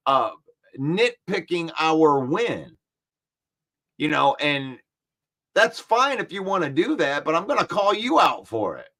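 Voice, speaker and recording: A man hosting a casual sports talk stream, animated and argumentative, repeating points for emphasis. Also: on the high side, slow pace, long pauses. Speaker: sports show host. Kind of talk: casual live-stream chat, reading comments.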